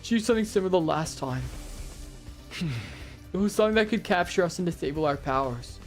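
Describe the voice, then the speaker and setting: Brief: a man reading story text aloud, matter-of-fact, slightly high voice, faint music behind. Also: expressive, fairly quick. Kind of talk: reading game dialogue and narration aloud.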